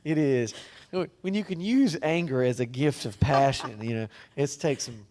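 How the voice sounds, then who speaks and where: A man's voice: medium pitch, normal speed, darkish tone. A man speaking earnestly and bluntly in a church round-table discussion. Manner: earnest and blunt, with filler ums. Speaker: church member on a panel.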